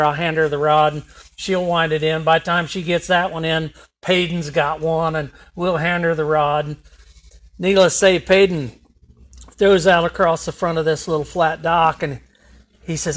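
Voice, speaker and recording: An older man with a Missouri accent, a guest telling fishing stories in a folksy, animated way. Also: a little high. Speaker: guest, retired water patrolman. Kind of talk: casual storytelling.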